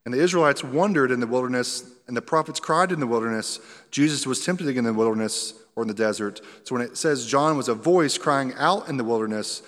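A man preaches, walking through scripture verse by verse in an easy, conversational way, with flashes of humor. His voice sits at an ordinary pitch. It rings out with the long reverb of a large hall. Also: a little fast, fairly bright tone. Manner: conversational, explains scripture line by line with light humor. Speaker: pastor. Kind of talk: expository sermon.

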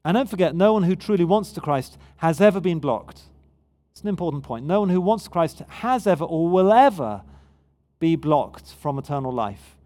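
Preacher, male, fairly high voice, chatty but emphatic sermon delivery. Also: sing-song, moderate pace, warm tone. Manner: conversational, emphatic, with frequent restarts.

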